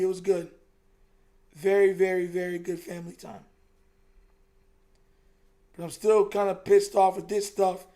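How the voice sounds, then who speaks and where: A man's voice: sits high, a little mellow. A young man hosting a live stream, reacting to a football game in casual, frustrated, emphatic chat. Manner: frustrated, emphatic, repeats himself, says "bro" a lot.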